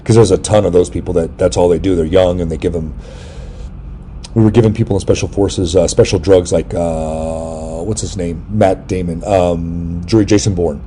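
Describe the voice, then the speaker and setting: Low, mellow-voiced man telling rambling jokey stories. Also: a little hiss or hum. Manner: rambling, jokey storytelling with sudden loud yelps. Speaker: podcast host. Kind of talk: casual interview chat.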